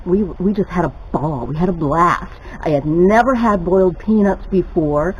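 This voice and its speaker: An older woman talks at an unhurried pace while frying food in her home kitchen. She tells stories in a chatty way, laughs often and gets excited as she goes. A faint hum of room ambience sits behind her voice. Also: low-pitched, dull audio. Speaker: cooking vlogger. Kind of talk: casual storytelling while cooking.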